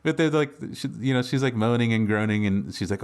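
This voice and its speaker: A man co-hosting a podcast, casually retelling a film's plot with lots of fillers and quick acted-out lines. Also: on the low side, expressive, clean tone. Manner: rambling recap with many fillers and laughs. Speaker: podcast co-host. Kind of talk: casual movie recap chat.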